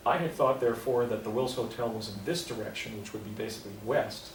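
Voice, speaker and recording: A man in his fifties gives a lecture presentation in a lecture hall, rambling with frequent restarts and digressions. His medium-pitched voice is fast, with vocal fry and hardly any pauses. The recording is echoey, with a distant mic and faint noise.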